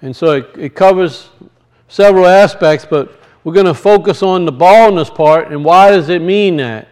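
Male Bible teacher, high clear voice, earnest sermon delivery with repetition. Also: normal speed, a little mellow. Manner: earnest, repeats key phrases, calls for congregation response. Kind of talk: Torah portion teaching.

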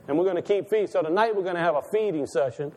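A male preacher races through a sermon in a church sanctuary, his high voice carrying a dark tone. He starts folksy and conversational, then climbs into impassioned calls, all under the long reverb of the hall.

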